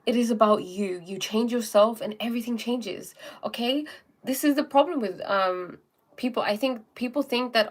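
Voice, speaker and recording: A young woman with a somewhat high voice hosts a live stream at a normal speed, chatting casually about self-help. She keeps checking in with "okay?" and "um" and acts out little scenes as she talks.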